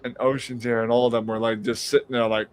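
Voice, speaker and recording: A man casually telling stories on a live stream call, animated and swearing freely. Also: fast talker, a little hiss or hum. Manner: animated, acts out quotes in a high mocking voice, swears freely. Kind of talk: casual storytelling chat. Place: home.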